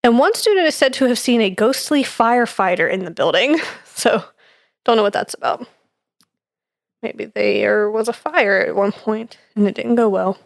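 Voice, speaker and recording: A woman's voice: a little high, normal speed, vocal fry, no echo, studio quality. A young woman co-hosting a podcast, reading through her notes in casual chat with fillers and easy laughs. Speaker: podcast co-host presenting research.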